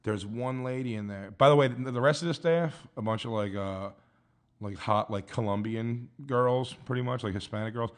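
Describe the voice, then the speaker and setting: A man, a guest comedian, rambling through stories in casual chat and acting out the people he quotes in higher voices. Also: moderate pace. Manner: rambling storyteller, acts out quotes in higher voices, laughs a lot.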